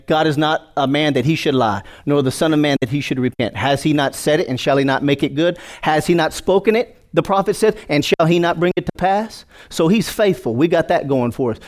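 A male pastor preaching a sermon, joking with the congregation and calling for responses. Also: a little high.

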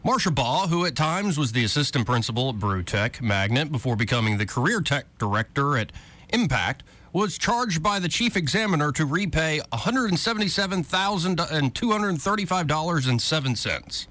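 Wry talk radio host. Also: male voice, a little high, lively intonation, normal speed, bright, forceful tone. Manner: wry, amused, reading aloud with sarcastic asides.

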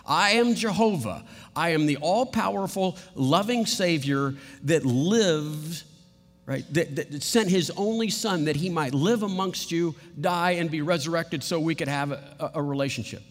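A man preaching in the voice of a stern God rebuking believers, speaking in slow, emphatic declarations. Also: a little high, lightly acted. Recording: long hall reverb.

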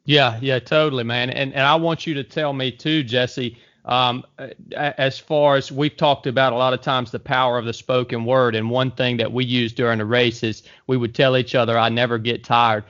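A man's voice: mid-range voice, little pitch movement, normal speed, few pauses, fairly bright tone. Male podcast host, encouraging, rambling questions, dull audio. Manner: encouraging, calls listener "man", restarts questions. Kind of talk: casual podcast conversation.

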